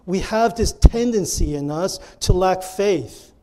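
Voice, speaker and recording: A man's voice: sits high, lively intonation, slow, mellow. A male pastor preaching a sermon and acting out the lines he quotes with earnest emphasis.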